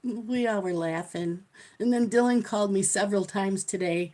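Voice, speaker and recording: A woman's voice: mid-range voice, normal speed, warm tone. A middle-aged woman hosting a live coloring stream, chatting casually and telling stories with frequent laughter. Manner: chatty storyteller who laughs often. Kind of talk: casual chat while coloring.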